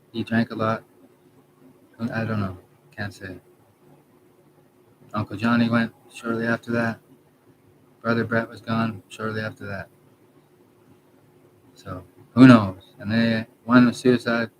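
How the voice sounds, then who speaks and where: A man in his 30s with a deep, monotone voice gives a halting, rambling monologue. He trails off and makes many restarts and self-corrections, with noise in the background.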